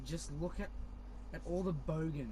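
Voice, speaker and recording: A man co-hosting a podcast, making quiet, dry remarks in a casual chat. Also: on the high side, moderate pace, a little hiss or hum, poor audio. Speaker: podcast co-host.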